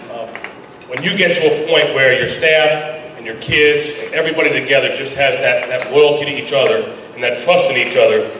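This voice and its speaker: A man, a high school football coach, giving a casual, folksy speech to a booster club. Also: a bit bright, a little hiss or hum. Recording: echoey hall, voice from far off.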